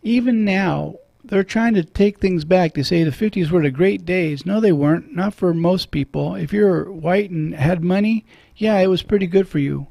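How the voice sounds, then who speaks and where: A man's voice: high-pitched, normal speed, creaky, dark tone, dry recording. A middle-aged man hosting a radio talk show from a studio, earnest and preacherly, moved when he quotes scripture.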